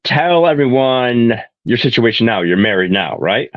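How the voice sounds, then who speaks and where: A man's voice: medium pitch, expressive, normal speed, dry recording. A man hosting a podcast in casual interview chat, blunt and profane, often laughing along. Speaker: podcast host. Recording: dull, slightly lo-fi dry sound.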